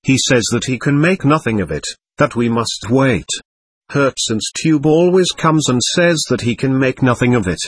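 A man reading aloud, voicing an anxious, effusive middle-aged aristocratic lady who talks rapidly and nervously. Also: mid-range voice, animated, breathy edge, dry recording. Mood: gushing.

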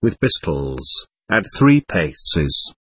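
Ranting old father read by a man, spluttering and shrill, husky voice swinging wide in pitch. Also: sing-song, drawn-out words, no room sound, exaggerated voice. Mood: raging. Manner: yelling, spluttering. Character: old male buffoon father, shrill and raging.

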